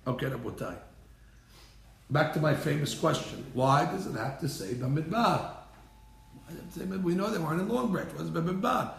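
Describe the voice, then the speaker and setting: A man teaching a Torah class in an animated way, mixing Hebrew terms into English and repeating his phrases. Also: on the high side, brisk, creaky, roomy sound.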